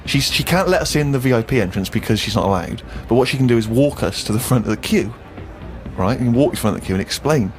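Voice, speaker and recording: A man telling a comic story on a podcast, animated and indignant, climbing high when worked up. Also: fast, soft background music.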